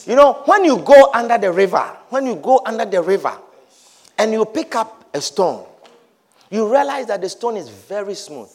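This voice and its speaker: High-voiced man preaching emphatically. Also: very animated, normal speed. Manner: emphatic, repetitive, calls out to the congregation. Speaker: pastor. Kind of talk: sermon. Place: church.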